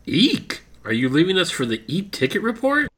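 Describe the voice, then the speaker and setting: A man's voice: a little high, huge pitch swings, fast, a bit bright. A man hosting a comedy podcast who trades goofy, eager in-character banter with a field reporter.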